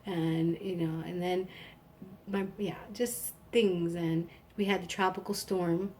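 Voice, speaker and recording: A woman's voice: on the low side, little pitch movement, slow pace, darkish tone, a little hiss or hum. A woman in her thirties hosting a live stream, casual and rambling, with lots of "like". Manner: chatty, rambling, frequent "like". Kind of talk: casual chat.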